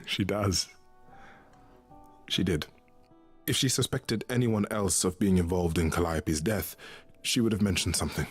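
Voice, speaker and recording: A gentle male god with a deep, husky voice, calm and consoling. The game dialogue plays over faint music. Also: a little slow, long pauses.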